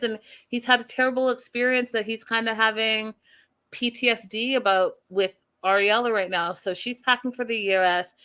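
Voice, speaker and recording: A woman's voice: mid-range voice, pushed and bright, clean tone. A woman hosting an online reality-show recap, chatting casually to her viewers with lots of fillers and asides. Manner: chatty, addresses viewers as "you guys", many fillers.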